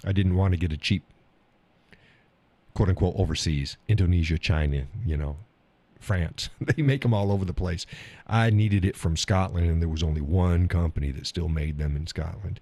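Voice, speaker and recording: A man's voice: low voice, moderate pace, warm tone. A man hosting a live stream, chatting casually about viewer comments, rambling, repeating himself and chuckling often.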